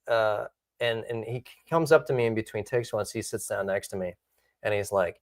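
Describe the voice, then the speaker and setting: A middle-aged man, an actor and guest, telling a rambling, self-mocking anecdote in a casual, animated way. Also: medium pitch, moderate pace, dry recording. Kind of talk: casual storytelling.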